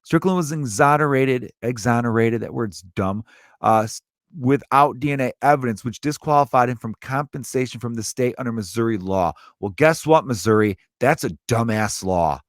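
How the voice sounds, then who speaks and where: A man's voice: normal speed, no room sound, studio quality. Profane ranting comedian man. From Chicago, USA. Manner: animated, profane, swings from loud to low. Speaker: stand-up comedian and podcaster. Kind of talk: comedic rant.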